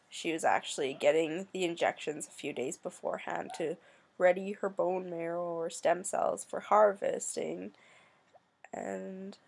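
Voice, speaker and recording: A young woman from Canada telling a personal story in a soft, halting, emotional way, with many pauses, near tears. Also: on the low side, vocal fry. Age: young adult. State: tearful. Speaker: vlogger.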